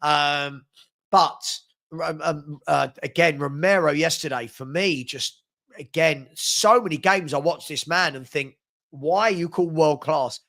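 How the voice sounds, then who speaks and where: A man's voice: on the high side, unhurried, sharp tone. A man hosting a casual live-stream fan chat, reading viewer comments in a playful, teasing way while he has a cold. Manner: chatty, playful, teasing, repeats himself.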